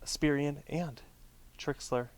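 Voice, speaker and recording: A man casts an esports match, bantering casually between games, plugging his shows and joking with his co-caster. His voice sits on the high side, smooth and fairly even, at a measured pace with no room sound.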